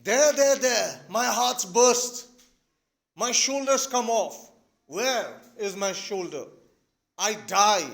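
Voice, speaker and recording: A man's voice: very high-pitched, big pitch swings, slow, sharp tone, pitched above the performer's own voice, exaggerated voice. A man voicing an anxious, hypochondriac young landowner, gasping and overwrought. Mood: panicked.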